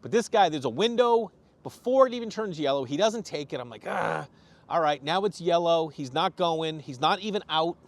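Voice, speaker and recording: A man from Boston, a comedian guest on a podcast, telling animated stories and acting out what people said. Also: on the high side, a little fast. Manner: animated storyteller, acts out quotes. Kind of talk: casual podcast chat.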